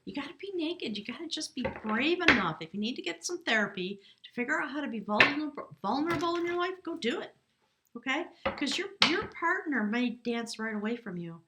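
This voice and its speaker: A woman's voice: high voice, sing-song, a little fast, very noisy. A woman giving a tarot card reading to camera, earnest and coaxing, often checking in with the viewer. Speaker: tarot reader.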